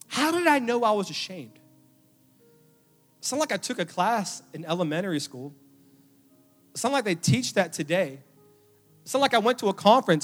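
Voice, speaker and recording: A young adult man preaching a sermon, telling a personal story with emotion, his voice dropping to a hush and then rising loud. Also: sits high. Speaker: pastor. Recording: long hall reverb with faint music. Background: faint music.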